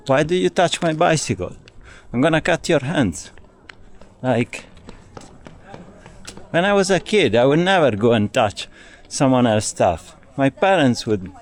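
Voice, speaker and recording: A man's voice: fairly low pitch, a little mellow. A man with an Italian accent vlogging outdoors while touring, complaining and swearing to the camera in a casual way. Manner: grumbling, swearing, talking to camera. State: hot and tired. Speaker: cycling vlogger. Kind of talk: casual travel vlog. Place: outdoors at ruins.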